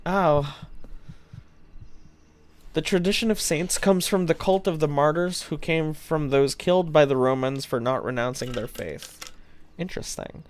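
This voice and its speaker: While gaming, a young adult streamer with a medium-pitched voice chats casually and unhurriedly with viewers, cracking dry jokes and occasionally swearing. There's slight background noise.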